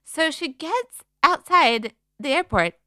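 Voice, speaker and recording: A young woman co-hosting a casual chat podcast, chatty and expressive as she teases her co-host. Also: high-pitched, takes it slowly, dry recording, clean studio sound.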